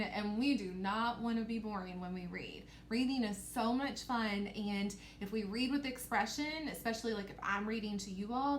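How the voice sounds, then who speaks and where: A woman teacher leading a recorded reading lesson for young children, with an encouraging, sing-song manner. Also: a little high. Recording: echoey room with faint noise.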